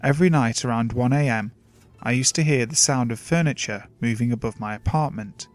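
Male narrator, middle pitch, measured horror-story reading, soft music bed. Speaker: narrator of submitted stories. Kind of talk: scripted narration of horror stories. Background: faint music.

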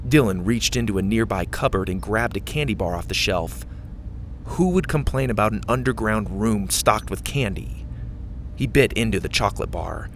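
A man reading a scripted story aloud as narrator, with a steady storytelling delivery. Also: lowish voice, normal speed, a little hiss or hum.

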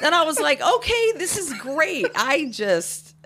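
A woman's voice: high-pitched, measured pace. A woman in her sixties telling wild stories on a podcast, swearing freely and laughing as she talks. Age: 60s. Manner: profane, laughing, animated storyteller. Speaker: guest, host's mother. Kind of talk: casual podcast storytelling.

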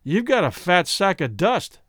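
A calm, scheming husband who soothes and mocks at once, as a man reading a story puts him on. His pitch sits slightly high and moves a lot. The sound is close and dry, like a storybook reading. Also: measured pace, no room sound, full character voice. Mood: cool defiant. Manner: soothing, ironic. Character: calm scheming husband, smooth, mocking and mercenary. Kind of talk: audiobook character voice.

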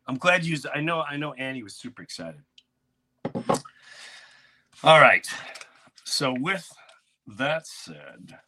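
A man hosting a podcast, telling a neighborhood story in casual chat and acting out quotes with loud, animated outbursts. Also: mid-range voice. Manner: animated, acts out shouted quotes. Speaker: podcast host.

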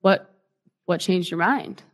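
A woman co-hosting an interview, asking eager questions and reacting excitedly to stories. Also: on the low side, slow pace. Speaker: podcast co-host. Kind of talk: casual interview chat.

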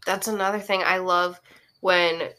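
A woman's voice: fairly low pitch, fairly even intonation, measured pace, pushed and bright. A woman hosting a podcast, talking in a chatty, playful way with lots of "like" fillers. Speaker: podcast host. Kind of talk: casual podcast chat.

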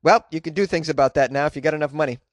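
A man's voice: on the high side, rapid-fire, no room sound. A man casually commenting on a news story in an offhand, wry way.

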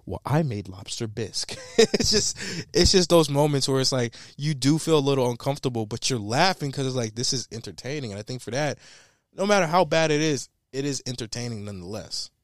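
A man hosting a casual film review chat, animated and profane, laughing often and restarting his sentences. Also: medium pitch, fairly quick, no room sound, studio quality. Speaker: podcast host reviewing a film.

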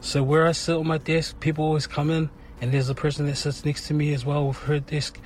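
A man's voice: fairly high pitch, little pitch movement, a little fast. A man leaving a voice message, ranting about a coworker and mimicking people mockingly. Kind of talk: ranting anecdote.

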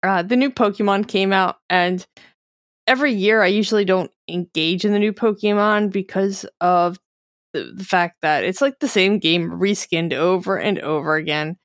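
A woman's voice: medium pitch, normal speed, no room sound, clean studio sound. A woman guest on a podcast telling stories in casual chat, with a wry edge. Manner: chatty storyteller, wry.

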